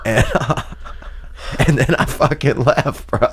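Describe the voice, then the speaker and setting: A man's voice: mid-range voice, takes it slowly, slightly rough. A man in casual, profane chat, laid-back and laughing at himself.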